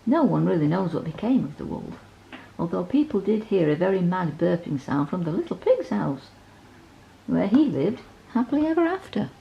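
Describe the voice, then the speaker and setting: A woman reading a bedtime story aloud, gently asking the child to look at the pictures. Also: lowish voice, very animated, moderate pace, vocal fry, muffled recording, a little hiss or hum.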